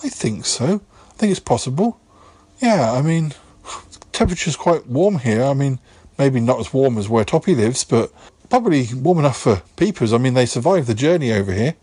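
Husky man, soothing and hesitant. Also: medium pitch, expressive, moderate pace, mellow, dry recording. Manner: soothing, hesitant, stammering reassurance. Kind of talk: comic sketch dialogue.

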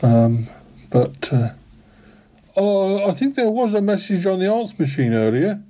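A man hosting a comic radio-style monologue, speaking very slowly in a mellow, dark-toned voice. He frets and dithers, filling his lines with ums and soft chuckles, and his pitch sits a little on the high side. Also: sing-song. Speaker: comedy show host.

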